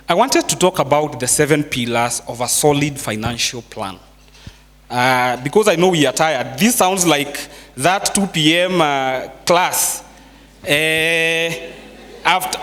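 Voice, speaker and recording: Kenyan male speaker, somewhat raised pitch, chatty live seminar delivery in a reverberant hall. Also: fairly bright tone. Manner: conversational, quizzes the audience, mixes in Swahili phrases. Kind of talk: live motivational finance talk. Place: large hall with a live audience. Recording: echoey hall with long reverb.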